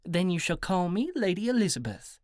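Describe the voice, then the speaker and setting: A man's voice: sits high, big pitch swings, a little fast, darkish tone, dry recording, voice pushed up. A haughty young lady with a posh put-on British accent, played by a male narrator, prim and theatrical in an audiobook. The voice sits well above his own, and the recording is dry and close. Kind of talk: audiobook character voice.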